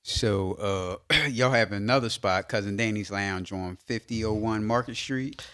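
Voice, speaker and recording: A man's voice: lowish voice, unhurried, pushed and bright, clear, resonant tone. A man hosting a podcast in a studio, asking easygoing, casual questions. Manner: easygoing, asks short questions. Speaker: podcast host. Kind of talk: casual interview.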